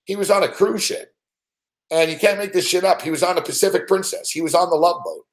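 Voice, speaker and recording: A man's voice: sits high, fast talker. Profane rambling male storyteller. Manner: rambling, laughing, heavy swearing. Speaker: show host.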